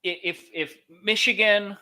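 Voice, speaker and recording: A man's voice: high-pitched, steady tone, unhurried, sharp tone. A man on a casual panel chat, speaking with sarcastic, mock-baffled disbelief.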